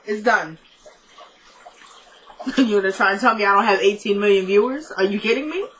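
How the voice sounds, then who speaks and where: A woman's voice: medium pitch, normal speed, long pauses, a bit bright. A tired woman recapping a TV episode in casual chat, joking and playful with her viewers.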